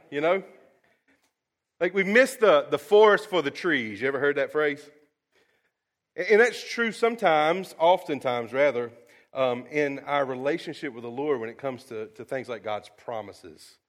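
A middle-aged man preaching a sermon, folksy and storytelling, swinging between lively asides and quiet, earnest drops. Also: on the high side, moderate pace. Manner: folksy, storytelling, animated with sudden soft drops. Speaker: pastor.

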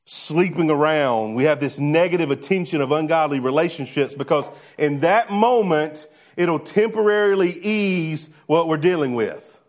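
A male pastor preaching a sermon in a conversational way, asking rhetorical questions and moving between hushed and emphatic delivery. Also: on the high side, lively intonation, moderate pace.

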